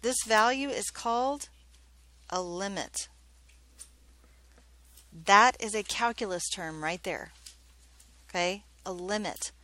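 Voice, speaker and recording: A woman's voice: mid-range voice, slow, pauses often, pushed and bright. A woman math teacher giving a classroom lesson, chatty and joking, often checking in with questions.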